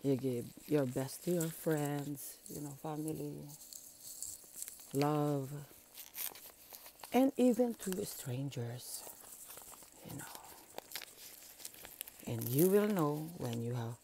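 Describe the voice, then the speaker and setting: A woman's voice: low voice, animated, takes it slowly, long pauses, mellow, a little hiss or hum. A woman vlogger chatting casually while unboxing gifts, gushing and emotional, laughing often. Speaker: channel founder.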